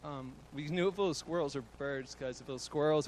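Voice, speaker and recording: A man's voice: fairly high pitch, quick pace, few pauses, slight background noise, poor audio. Young man giving a fond eulogy. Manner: fond, chuckling often, with fillers. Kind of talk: eulogy speech.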